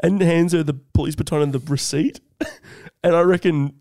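A young Australian man co-hosting a podcast, telling stories with lively acted-out voices. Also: a little high, normal speed, no room sound, clean studio sound. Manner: animated storytelling, acts out voices. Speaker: podcast co-host. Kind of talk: casual chat.

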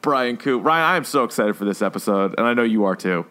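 A man hosting a casual pop-culture podcast, laughing easily and tossing in profane asides as he runs through the week's entertainment news. He talks at an ordinary everyday pitch in relaxed, easy chat. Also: fast. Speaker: podcast co-host.

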